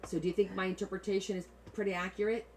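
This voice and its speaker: A woman's voice: medium pitch, rapid-fire, a little hiss or hum, low-quality recording. A woman with a New Jersey accent, hosting a casual livestream and joking with her viewers. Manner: animated and joking, chatting with viewers. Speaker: livestream host.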